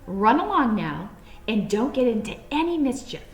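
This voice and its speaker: Woman doing a firm mother rabbit, motherly warnings, lively tone, roomy echo. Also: on the high side, normal speed. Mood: stern.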